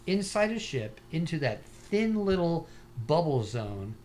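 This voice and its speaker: A man talking as an interview guest, a diver telling stories in an animated, rambling way with lots of "you know". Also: fairly high pitch, unhurried, a little hiss or hum. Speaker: guest, scuba diver and paranormal investigator. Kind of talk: casual interview chat.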